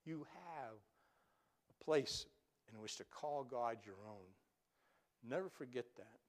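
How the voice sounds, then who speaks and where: A male pastor with a mid-range voice preaches a sermon, retelling Bible stories with animated, acted-out quotes. He stammers and restarts now and then.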